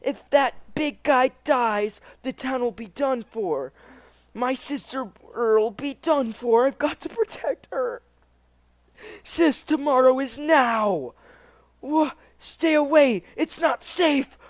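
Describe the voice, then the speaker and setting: A woman's voice: high voice, takes it slowly, no echo, pitched above the performer's own voice. A woman voicing a timid young village boy who stammers when he is scared. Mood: determined. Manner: shaky, stammering.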